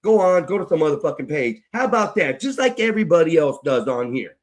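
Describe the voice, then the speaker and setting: A man with a fairly high voice rants into his livestream mic. He swears constantly, circles back over the same complaints and sounds fed up. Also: big pitch swings, fast talker. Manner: swears heavily, repeats himself, frustrated. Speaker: livestream host. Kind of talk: angry livestream rant.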